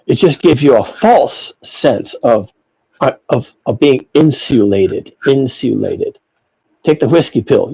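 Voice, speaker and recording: A man talks through a philosophical discussion with blunt, profane emphasis. His voice is mellow and dark, with a husky, slightly rough texture. He circles back and repeats phrases as he drives each point. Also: mid-range voice, low-quality recording. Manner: emphatic, profane ranting with repetitions. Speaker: podcast host.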